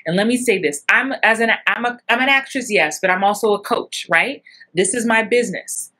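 Middle-aged woman, acting coach, lively chatty teaching voice that jumps high in acted-out bits. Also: brisk. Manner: animated, acts out little scenes with big jumps in pitch. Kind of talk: casual coaching talk.

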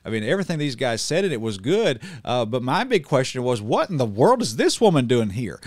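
A middle-aged man preaching in a heated commentary video, swinging from loud outrage to low calm and often repeating words. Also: brisk, no echo, clean studio sound. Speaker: street preacher and channel host.

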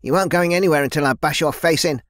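A man voicing a fierce, hot-tempered young woman soldier who growls and shouts threats. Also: a little high, lively intonation, fast talker, dry recording, clean studio sound, voice pushed up. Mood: furious.

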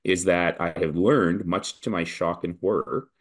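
A man from Canada, a political leadership candidate, talking in a podcast interview with an animated, persuasive campaign delivery and rhythmic repetition. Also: low-pitched, unhurried.

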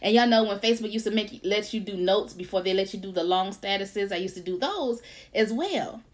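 A woman hosting a casual faith-based livestream, lively, laughing often and greeting viewers by name. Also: medium pitch, fairly quick. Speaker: author and livestream host.

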